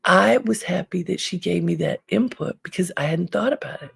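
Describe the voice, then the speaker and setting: A woman hosting an inspirational self-help talk, giving calm, unhurried advice with frequent pauses. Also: fairly low pitch, gravelly, slightly rough. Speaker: host.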